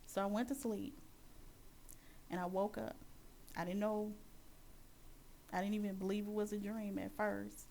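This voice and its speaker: Earnest woman telling a testimony, gravelly tone. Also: mid-range voice, little pitch movement, a little mellow, slight background noise. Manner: earnest, halting, with many fillers and restarts. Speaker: Christian sharing her testimony. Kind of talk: personal testimony storytelling.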